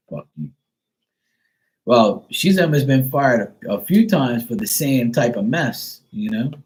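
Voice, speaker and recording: A man's voice: fairly low pitch, darkish tone, rough recording. A middle-aged man hosting a livestream, telling a rambling story full of blunt profanity in casual chat. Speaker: livestream host.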